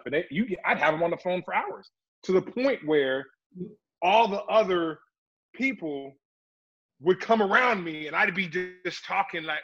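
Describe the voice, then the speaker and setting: A man's voice: high voice, expressive, unhurried, a bit bright, slightly rough, highs cut off. A middle-aged man, an actor, chatting animatedly in an interview and slipping into voices as he tells stories. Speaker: actor and guest. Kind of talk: casual interview storytelling.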